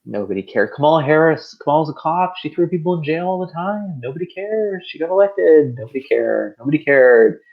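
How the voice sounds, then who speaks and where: A man's voice: a little high, lively intonation, fairly quick, creaky, few pauses, phone-quality sound. Heated sarcastic man ranting. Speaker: podcast co-host. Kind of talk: political rant.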